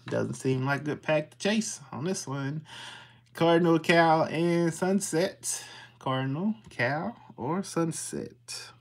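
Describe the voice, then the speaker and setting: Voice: mid-range voice, expressive, takes it slowly, creaky. A livestream host, casually reading out symbols one by one and greeting viewers in the chat.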